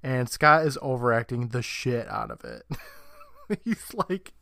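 A podcast co-host recaps a TV episode, loose and laughing, swearing freely and slipping into quick character impressions. His voice is bright, forceful, medium-pitched, and creaky, sounding dry and close with no room echo.

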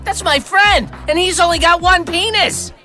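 A woman's voice: very high voice, moderate pace. A woman voicing a goofy sidekick character in a crude comedy cartoon, with music playing behind. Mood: alarmed.

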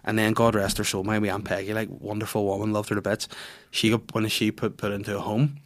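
A man's voice: lowish voice, flat delivery, quick pace. A man, hosting a podcast and telling sweary, casual family stories with his children's voices acted out. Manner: swearing storyteller who acts out his kids' voices. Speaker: podcast host. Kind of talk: casual chat.

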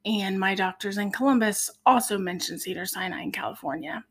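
A woman from Ohio, a podcast guest, tells her faith story in an earnest, heartfelt way with many pauses. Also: medium pitch. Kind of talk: personal faith testimony.

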